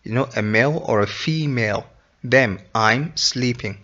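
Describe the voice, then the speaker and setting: Guy teaching english grammar real slow, bright sharp voice, says every example twice. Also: mid-range voice, highs cut off. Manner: deliberate, repeats example sentences. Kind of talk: slow explanatory grammar lesson.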